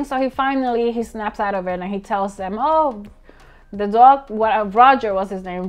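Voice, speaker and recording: A woman recapping a horror film in a relaxed vlog, talking animatedly and laughing now and then. Her voice sits at an ordinary middle pitch, and faint music plays softly beneath her. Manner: chatty, animated, with frequent laughs and fillers. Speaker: film reviewer. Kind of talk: casual vlog film review.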